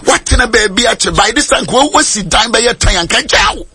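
A Ghanaian man preaching a sermon in a shouting, sing-song style. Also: extremely high pitch, expressive, a little fast, few pauses.

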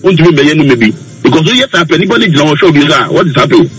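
A man's voice: fairly high pitch, very animated, racing, a bit bright, low-quality recording. A man, a counselor on a radio talk show, giving earnest, preachy advice and mixing English with Twi.

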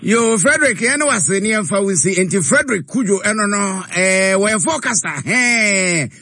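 Male radio host, high voice, close dry studio sound, brisk. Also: lively intonation, sharp tone, dry recording. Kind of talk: radio talk show.

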